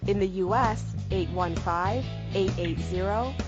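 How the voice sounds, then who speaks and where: A woman reading a scripted radio promo in a smooth, persuasive way. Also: mid-range voice, unhurried, lo-fi sound. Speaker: radio announcer. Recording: music bed behind.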